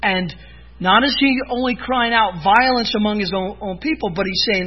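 A man's voice: sits high, normal speed. A man preaching an expository sermon in an earnest manner, rising to impassioned cries when he quotes laments. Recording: dull lo-fi recording.

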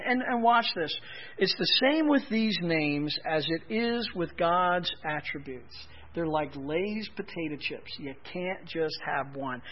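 Animated high-voiced male preacher, lo-fi. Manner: animated preaching, rising to emphatic peaks then dropping low; folksy asides and humor. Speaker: pastor. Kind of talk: sermon.

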